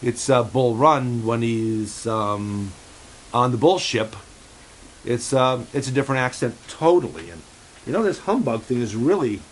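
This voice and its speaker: A man's voice: medium pitch, expressive, poor audio. Rambling man with a faint hiss. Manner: halting, many fillers and restarts, relays a cat's remarks. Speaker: host of a home-made pet show. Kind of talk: rambling casual monologue.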